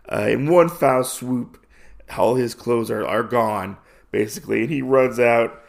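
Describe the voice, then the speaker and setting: Brief: male podcast host, casual and rambling, gravelly voice at a middle pitch. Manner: rambling, with many fillers. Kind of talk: casual comic recap.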